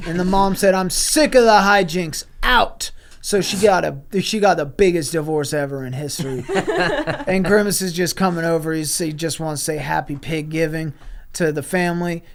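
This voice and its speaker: A podcaster improvising a rambling, profane comic story, giggling between lines. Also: medium pitch. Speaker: podcast co-host or guest.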